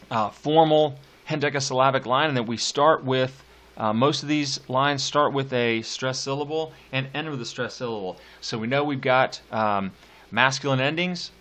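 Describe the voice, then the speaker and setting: A male teacher giving a recorded poetry lecture. He reads verse slowly with drawn-out stresses and drops casual asides between the lines. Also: mid-range voice, fairly bright tone.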